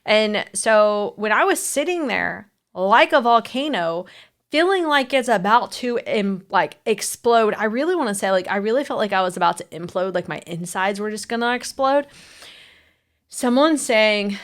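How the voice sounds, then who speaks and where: A woman's voice: mid-range voice, expressive, normal speed, a bit bright. A woman marriage coach talking candidly and telling a story with animation in a casual podcast chat.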